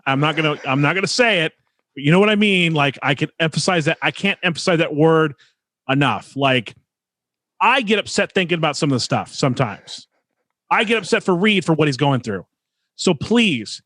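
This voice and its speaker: A man's voice: a little high, fairly bright tone, no room sound. A man hosting a casual podcast, earnest and emphatic, drawing out his pleas to listeners. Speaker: podcast host.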